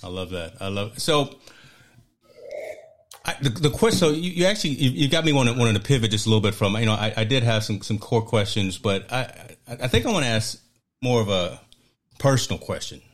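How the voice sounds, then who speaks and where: A man hosting a casual interview, friendly and a bit halting, repeating words as he works toward his questions. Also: mid-range voice, expressive. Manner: friendly and hesitant, many repeated words, calls guest "brother". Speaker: interviewer, podcast host.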